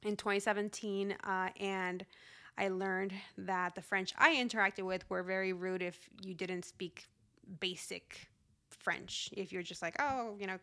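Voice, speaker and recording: A woman in her thirties talks casually on her solo podcast. Her pitch sits right in the middle, and she stays upbeat and chatty, laughing easily as she goes. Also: level tone, a little slow, bright, forceful tone. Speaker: podcast host.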